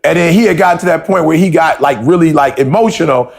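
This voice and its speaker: Gravelly-voiced man, animated storyteller. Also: on the high side, fast talker. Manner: animated storytelling with emphatic repeated questions. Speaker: podcast host. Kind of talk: motivational conversation.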